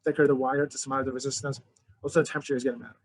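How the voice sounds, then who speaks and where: Fast-talking male physics teacher. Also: medium pitch, little pitch movement, rough recording. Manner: conversational, addresses students as guys, frequent restarts. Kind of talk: recorded lecture.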